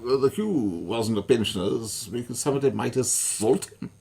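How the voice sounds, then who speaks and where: A man's voice: medium pitch, expressive, normal speed, vocal fry, dark tone, husky. A man mocking a prissy, condescending old professor. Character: condescending older male professor, mocked.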